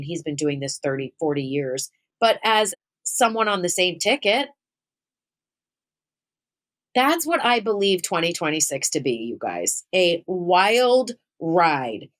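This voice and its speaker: A woman who hosts her own podcast as a spiritual medium, talking in a loose, giggly, conversational way. Her voice sits at a middle pitch, and it leaps high when she's thrilled. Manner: chatty, giggly, heavy use of "like"; voice swings up high when excited. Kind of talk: casual storytelling chat.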